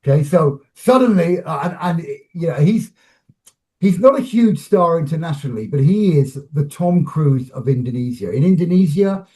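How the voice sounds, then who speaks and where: A man with a fairly high voice spins behind-the-scenes stories for an interviewer. He talks in lively bursts, restarting phrases and acting out the scenes as he goes. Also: moderate pace. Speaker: film director and actor, interview guest. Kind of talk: animated anecdotal storytelling.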